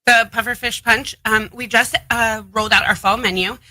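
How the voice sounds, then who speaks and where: A woman's voice: a little high, steady tone, moderate pace, sharp tone, dry recording, low-quality recording. A woman appearing as a guest on a live show, talking in a chatty, enthusiastic way. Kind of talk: casual interview.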